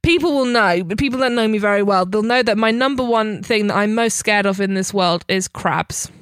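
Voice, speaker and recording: A woman's voice: medium pitch, brisk, clean tone, no room sound, clean studio sound. A woman chatting casually with her brother, telling stories animatedly and slipping into mimicked voices, with the odd swear. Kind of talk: casual chat.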